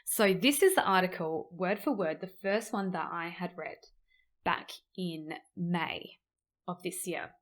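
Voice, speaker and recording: A woman hosting a podcast, talking casually to listeners in an animated, chatty way and switching to a newsreader voice to read articles aloud. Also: on the low side, a little slow. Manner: chatty, animated, laughs easily; puts on a newsreader voice when reading articles. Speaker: podcast host. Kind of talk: casual podcast chat and reading news articles.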